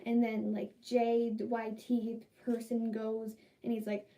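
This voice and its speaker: A woman's voice: on the high side, monotone, slow, warm tone, low-quality recording. A young woman chatting casually in a vlog, rambling and exasperated with lots of fillers. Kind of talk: casual vlog chat while dyeing hair.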